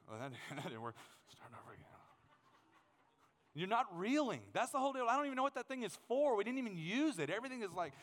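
A man preaching a sermon, telling a funny story in an animated way and acting out the scenes. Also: high-pitched. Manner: animated, humorous, acts out scenes. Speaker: pastor. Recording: long hall reverb.

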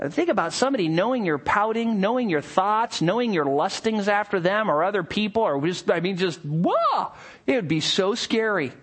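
At normal speed and in a high voice, a male pastor preaches with lively, sing-song intonation that climbs and dips widely. Quiet, near-hushed asides give way to excited bursts, and he brings little scenes to life with playful voices.

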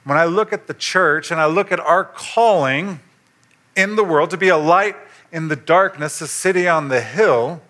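A man, a pastor, preaching a sermon in a conversational way and rising in pitch when he stresses a point. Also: normal speed. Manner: conversational preaching, animated rises for emphasis.

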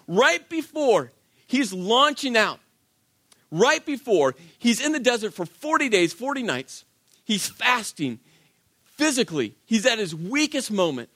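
Male pastor, high voice, conversational emphatic sermon delivery, dry close sound. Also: a bit bright, no room sound. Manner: conversational and emphatic, with rhetorical questions.

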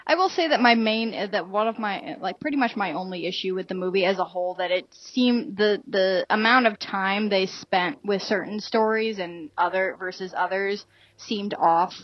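A woman's voice: medium pitch, moderate pace, no room sound, muffled recording. A woman co-hosting a podcast, chatting casually about movies with a loose, filler-heavy way of talking. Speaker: podcast co-host. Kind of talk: casual movie review chat.

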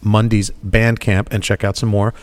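A man's voice: fairly low pitch, level tone, normal speed. A man hosting a radio show, chatting casually on air in a rambling, jokey way with many restarts, from a radio studio.

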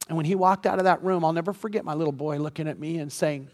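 A man with a notably high, light voice preaches a sermon, telling a personal story in an earnest way and driving his points home through repetition. His voice rings out with a long, lingering reverb, as in a large church sanctuary. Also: fast. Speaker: pastor.

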